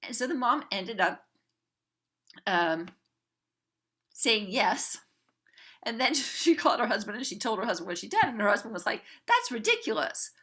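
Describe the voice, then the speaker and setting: A woman coaching parents, telling a family story to a group in an animated way and acting out the people in it. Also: a little high, moderate pace, long pauses. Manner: animated, acts out quoted family members.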